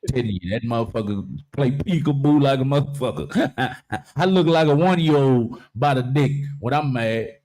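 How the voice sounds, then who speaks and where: A man hosting a casual live-stream talk show, joking loudly, swearing freely and reading viewer comments aloud. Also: medium pitch, normal speed. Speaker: livestream talk show host.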